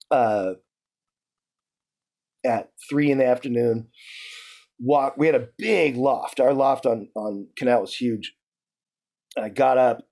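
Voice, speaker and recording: Guy on an interview, cursing a lot, rambling and excited, average pitch. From New York. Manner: profane, animated, many restarts and "like". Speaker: interview guest. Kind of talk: casual storytelling.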